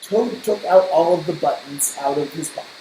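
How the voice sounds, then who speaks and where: A woman reading a children's storybook aloud in slow, measured narration. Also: low-pitched, mellow. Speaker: storybook reader. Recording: roomy echo, faint hiss.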